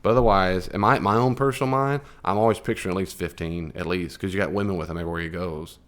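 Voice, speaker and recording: A man with an American accent teaches a Bible study class in a loose, conversational way. His voice sits fairly low, and he keeps turning to the room with questions. He acts out the scripture lines he quotes as he goes. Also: fairly even intonation, fast, a bit bright. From United States.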